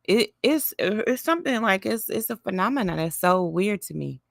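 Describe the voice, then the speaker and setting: Creaky-voiced woman musing. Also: mid-range voice, expressive, no room sound, clean studio sound. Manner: musing, halting with restarts. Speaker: reaction commentator. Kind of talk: reaction commentary.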